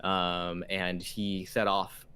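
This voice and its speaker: A man's voice: low voice, flat delivery, extremely slow, sharp tone, smooth. A man narrating as game master of a tabletop game, rambling and hesitant, with many fillers.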